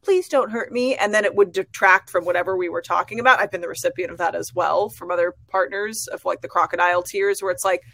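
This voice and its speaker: A woman's voice: on the low side, fairly even intonation, fast talker, gravelly, hardly any pauses, a bit bright. A woman therapist co-hosting a relationship podcast, talking earnestly about her own experience in casual advice chat.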